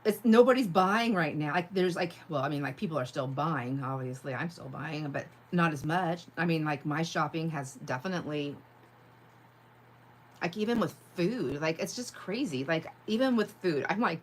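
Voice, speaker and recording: A woman's voice: sits low, normal speed, slight background noise. A woman hosting a casual crafting livestream, chatting as she works, often laughing and answering viewers' comments. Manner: rambling and chatty, heavy on "like", laughs easily; reads viewer comments aloud and answers them.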